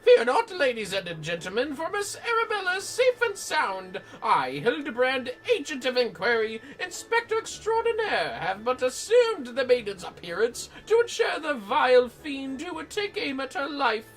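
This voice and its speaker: A woman voicing a pompous, theatrical gentleman inspector, declaiming in flowery, self-important speeches over a game livestream. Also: sits high, sing-song, normal speed, few pauses, soft background music, voice pushed up, poor audio. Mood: grandiose. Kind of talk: live voice-over of game dialogue.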